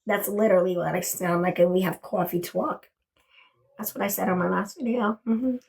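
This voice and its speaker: A woman's voice: mid-range voice, fast, vocal fry, darkish tone. A woman hosting a casual livestream from her bedroom, gushing and chatty, thanking viewers over and over and swearing casually. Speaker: livestream host.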